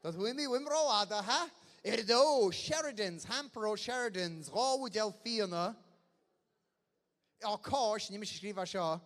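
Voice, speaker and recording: A lively man with an Irish accent, his voice sitting high, calls out raffle prizes on a stage mic. He jokes with the crowd and switches between Irish and English. His voice rings through a big echoing hall. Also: unhurried. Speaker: event host running a raffle. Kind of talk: bilingual stage announcing. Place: large indoor hall. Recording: echoey hall on a PA.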